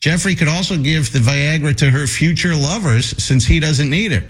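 A man's voice: normal speed, slightly rough. A man hosting a radio talk show, teasing his co-hosts and reading listener messages aloud. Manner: teasing, reads messages aloud with lively pitch.

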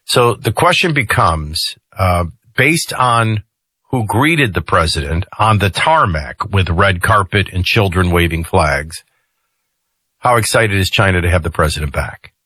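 Husky, forceful male radio host. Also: low-pitched, lively intonation, a little slow, dry recording. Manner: conversational, jokey asides. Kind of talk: talk radio commentary. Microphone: studio mic.

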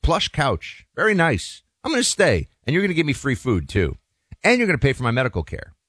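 A man's voice: mid-range voice, wildly swooping pitch, a little fast, a bit bright, breathy edge, no room sound, studio quality, pitched above the performer's own voice, full character voice. A man voicing a pushy freeloading houseguest who is demanding and smug.

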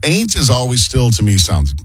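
A man's voice: lowish voice, expressive, fairly quick, breathy edge. A man co-hosting a radio show, telling stories in a laid-back, casual way. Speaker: radio co-host.

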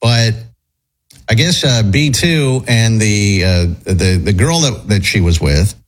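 A man's voice: lowish voice, lively intonation, takes it slowly. A man telling a long rambling story in casual chat, full of fillers and restarts. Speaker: storyteller on a talk show.

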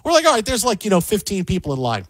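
A man hosting a sports talk show, rambling and animated, often repeating himself as he riffs. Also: high voice, rapid-fire, dry recording. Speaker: sports radio host. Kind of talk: casual sports banter.

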